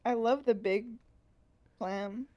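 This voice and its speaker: A woman co-hosting a casual review chat, speaking in a relaxed way with short reactions and easy agreement. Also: a little high, slow pace, dry recording. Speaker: podcast co-host.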